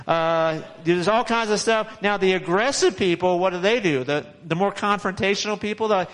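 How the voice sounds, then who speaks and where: A man's voice: high-pitched, normal speed, hardly any pauses, a bit bright, rough recording. A male pastor preaches in a loose, conversational way, repeating phrases for emphasis and often restarting his sentences. His voice sits a little above the usual range for a man. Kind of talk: sermon.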